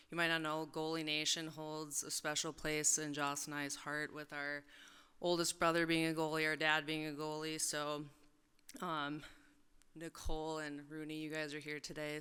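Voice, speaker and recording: A woman's voice: low voice, bright, forceful tone, clear, resonant tone. A woman in her thirties giving a joking, casual acceptance speech at a podium microphone, with many fillers. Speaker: hall of fame inductee. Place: large event hall on stage. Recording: echoey large hall.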